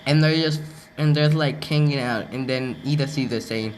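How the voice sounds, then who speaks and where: A man's voice: mid-range voice, moderate pace. Man, casual co-storyteller, easygoing delivery, restarts sentences, faint background noise. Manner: relaxed, trailing off and restarting.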